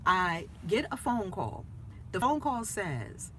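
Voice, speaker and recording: A woman minister hosting her own channel tells a family story in casual chat, animated and laughing as she acts out the voices of the people involved. Her voice is medium-pitched and slow, with a little hiss or hum in the recording.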